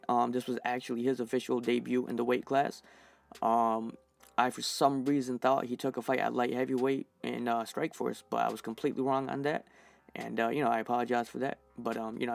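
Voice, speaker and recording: Solo podcast host, male, gravelly, mid-pitch, profane and fired up, lots of ums. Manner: profane, heated, many fillers. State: recovering from infection, dehydrated. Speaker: podcast host reviewing fights. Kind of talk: casual solo podcast rant.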